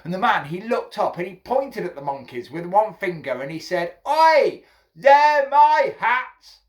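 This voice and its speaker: Male storyteller, playful and very animated. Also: high voice, fairly quick. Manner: playful, addresses listeners as friends. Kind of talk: children's folk tale storytelling.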